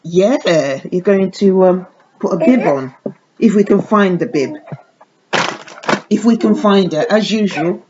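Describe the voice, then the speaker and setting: A woman's voice: lowish voice, lively intonation, measured pace, long pauses, a crowd in the background. A woman chatting casually while unboxing a baby doll, often cooing to her dolls in sing-song baby talk. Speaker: doll collector vlogger. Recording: dull lo-fi audio with clear background noise.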